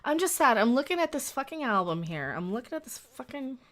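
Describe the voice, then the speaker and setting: A woman's voice: high-pitched, big pitch swings, brisk, fairly bright tone. A woman hosting her own late-night internet show, rambling in a playful, cheeky way and often breaking off mid-sentence to restart. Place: home in Las Vegas.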